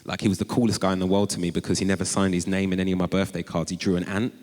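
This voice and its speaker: A low-voiced man tells stories on stage, animated and quick to leap into high-pitched quoted exclamations. His voice rings out with a long reverb through a large chapel hall. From North London. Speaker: author and guest. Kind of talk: conversational storytelling on stage. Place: large chapel before a live audience.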